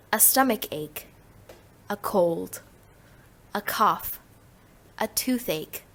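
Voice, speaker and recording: A woman reading flashcard words one at a time with clear pauses, as a pronunciation guide for young learners. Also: mid-range voice, fairly bright tone. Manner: slow, careful, one word at a time with pauses.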